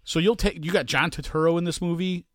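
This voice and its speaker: A middle-aged man chatting casually as a podcast co-host, rambling and restarting, quick to laugh. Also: on the high side, steady tone, no echo, studio quality. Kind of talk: casual chat.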